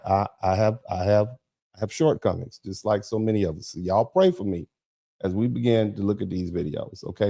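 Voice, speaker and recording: Low-voiced, mellow male commentary host. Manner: emphatic, repetitive, sarcastic asides. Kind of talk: livestream commentary.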